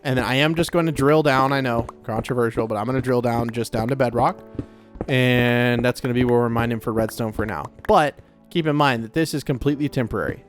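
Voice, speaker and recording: A man's voice: mid-range voice, fairly even intonation, brisk, music in the background. A man giving casual, rambling commentary as he plays a video game, talking to himself with lots of filler words. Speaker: Let's Play creator.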